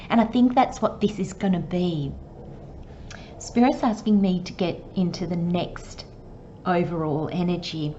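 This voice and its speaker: A woman giving a channelled tarot reading, talking slowly and gently and sometimes dropping to a soft murmur. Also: mid-range voice, lo-fi sound. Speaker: tarot reader.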